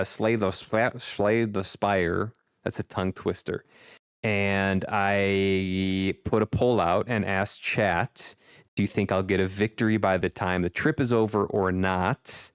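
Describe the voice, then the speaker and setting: A man's voice: on the low side, smooth, dry recording, studio quality. A man streaming live, chatting casually with his viewers, rambling and repeating himself as he plans the session. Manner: chatty, rambling, repeats phrases, reads chat aloud.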